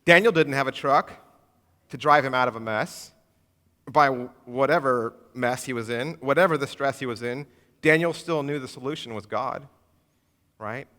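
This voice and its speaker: A man's voice: mid-range voice, moderate pace, bright, forceful tone. A man preaching a sermon as pastor in a church, conversational and humorous, acting out little everyday exchanges. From moved to Texas from elsewhere. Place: church sanctuary. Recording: long church hall reverb.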